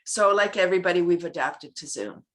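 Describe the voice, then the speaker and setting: A middle-aged woman, a laughter club founder and guest, chatting casually in an animated way, acting out little scenes and breaking into laughter. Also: a little fast. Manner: animated, acts out scenes with sudden high-pitched voices and bursts of laughter. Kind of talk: casual interview chat.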